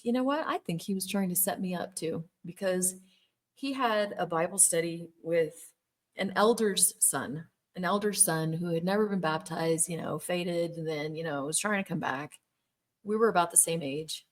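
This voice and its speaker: An earnest middle-aged woman with a somewhat low voice tells her own story in a monologue. She speaks emphatically and doubles up words when something matters. Her delivery is personal and direct. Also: normal speed. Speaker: former Jehovah's Witness telling her story.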